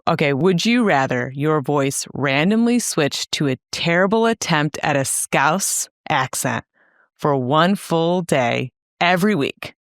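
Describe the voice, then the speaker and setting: Low-voiced playful woman podcast host. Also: no room sound, clean studio sound. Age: young adult. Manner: playful, teasing banter. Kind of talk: casual chat.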